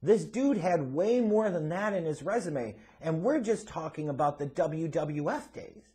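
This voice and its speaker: Emphatic man with a lively, higher voice. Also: a little slow. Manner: emphatic and blunt, with casual swearing. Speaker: wrestling commentary host. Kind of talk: opinionated commentary monologue.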